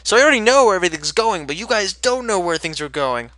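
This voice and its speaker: Teen male Let's Play host, upbeat and rambling, a touch high-voiced, sharp bright tone, dry close sound. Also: fast talker, no room sound. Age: late teens. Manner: energetic, rambling and chatty. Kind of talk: casual gameplay commentary.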